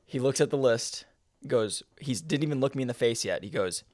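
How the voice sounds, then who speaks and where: A young man co-hosting a casual podcast, telling a story with lively reenacted dialogue and cursing. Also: mid-range voice, fairly quick, no room sound, clean studio sound. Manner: animated, reenacts dialogue, swears. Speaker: podcast co-host.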